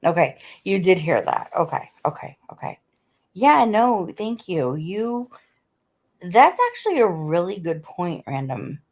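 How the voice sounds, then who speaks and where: A woman's voice: on the low side, very animated, a little slow, a little mellow. Chatty woman hosting a live stream. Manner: chatty, repeats herself, reads out viewer comments. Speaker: livestream host. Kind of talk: casual live-stream chat.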